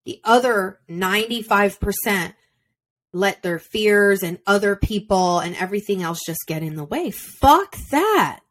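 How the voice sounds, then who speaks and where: A woman's voice: medium pitch, steady tone, moderate pace. A woman hosting her own podcast, giving a blunt, profane, fired-up motivational monologue, recorded at home without a soundproof room. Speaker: podcast host. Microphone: simple home recording setup.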